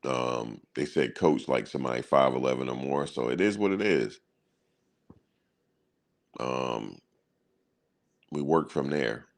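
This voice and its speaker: A man with an extremely low, deep voice hosts a sports channel. He talks in loose, casual banter full of slang and chuckles at his own stories. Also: measured pace, vocal fry, long pauses.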